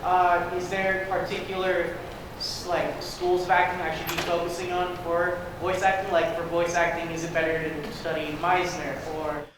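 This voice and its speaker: A man in a convention audience asks a halting, hesitant question. His voice sits a little high. He is far from the mic, the hall echoes heavily and crowd noise runs underneath. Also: level tone. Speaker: audience member asking a question.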